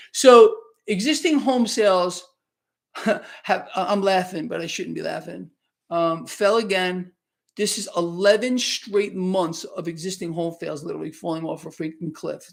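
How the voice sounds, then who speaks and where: Hosting a live market wrap-up stream, this commentator takes viewers' questions in an emphatic, sarcastic, conversational style. He has a high-pitched, gravelly voice and records on a new microphone.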